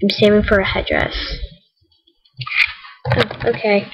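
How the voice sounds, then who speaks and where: Speaking a little slowly in a flat, medium-pitched voice with a creaky, breathy edge, a young female gaming vlogger chats casually about her game. She rambles, giggles, corrects herself often, and says she's tired and cold. The recording is rough.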